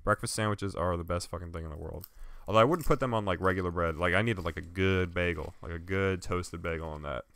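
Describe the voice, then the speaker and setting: Deep-voiced young man, teasing and skeptical. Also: fast talker, creaky, a bit bright, no echo. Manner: teasing, skeptical, laughs often, swears freely. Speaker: podcast co-host and editor. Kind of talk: casual chat.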